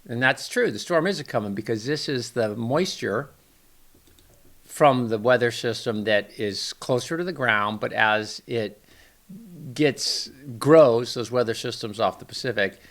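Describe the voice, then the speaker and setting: A middle-aged man from Northern California, his mid-range voice unhurried and fairly bright, gives a weather forecast from home. It's a casual forecast chat, rambling and chatty, full of enthusiastic asides.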